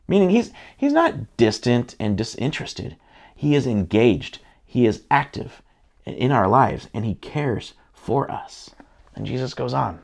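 Earnest man giving a lively sermon. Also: mid-range voice, unhurried, vocal fry. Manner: earnest, conversational, with many restarts. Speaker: pastor. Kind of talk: sermon-style teaching.

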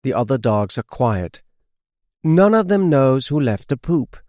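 A man reading a children's storybook aloud, slow, clear and expressive. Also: mid-range voice, dry recording, studio quality. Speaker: audiobook narrator.

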